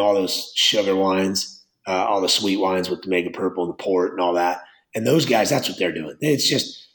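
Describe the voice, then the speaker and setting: A very low-voiced man speaking as a winemaker in an interview, blunt and rambling, swearing offhandedly as he goes. His voice rings in a roomy, echoey space. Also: fairly bright tone. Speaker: winemaker and wine business owner. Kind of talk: interview conversation. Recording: roomy echo.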